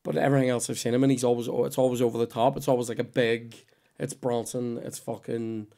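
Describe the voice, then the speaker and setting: A man hosting a comedy podcast who holds forth in casual banter, opinionated and animated. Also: medium pitch, quick pace, gravelly.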